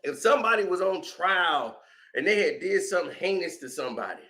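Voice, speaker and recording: A man giving casual, ranting sports commentary as a vlogger, mocking and animated, laughing often. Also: high voice, brisk.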